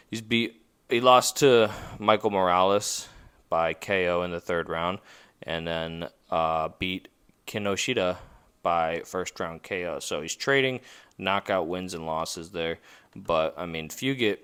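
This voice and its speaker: A podcast host with a low, slightly bright, smooth voice talks casually through a fight preview. He rambles, uses lots of fillers, and corrects himself.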